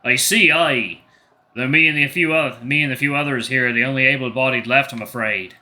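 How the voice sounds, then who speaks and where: A man's voice: medium pitch, normal speed, low-quality recording. A man doing a weary middle-aged bull warrior with a put-on accent. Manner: put-on regional accent, gruff and loud.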